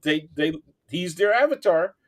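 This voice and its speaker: A man's voice: sits high, expressive, unhurried. A man appearing as a guest on a talk show, chatting casually with wry, sarcastic humor. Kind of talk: casual chat.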